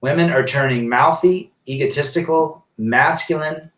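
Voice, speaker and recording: A man's voice: a little high, normal speed, fairly bright tone. Man, live-stream host, reads comments aloud, emphatic, echoey room, distant mic. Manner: reads viewer comments aloud and riffs on them; emphatic, rhetorical questions. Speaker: livestream host reading chat. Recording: roomy echo, set back from the mic.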